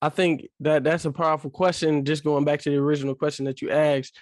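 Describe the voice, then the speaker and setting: A man's voice: fairly high pitch, little pitch movement, quick pace, no echo, clean studio sound. A man co-hosting a podcast in casual chat, talking earnestly and repeating key phrases for emphasis. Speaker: podcast co-host.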